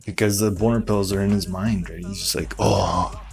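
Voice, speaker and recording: A man presenting memes in a comedic, rambling conspiracy monologue, deadpan and full of asides. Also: on the low side, fairly quick, faint music behind.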